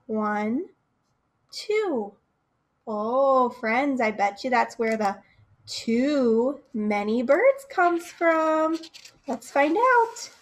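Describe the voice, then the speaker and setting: Reading a picture book to children at storytime, a young woman librarian speaks in a high voice at an extremely slow pace. She addresses the kids expressively and keeps asking them questions.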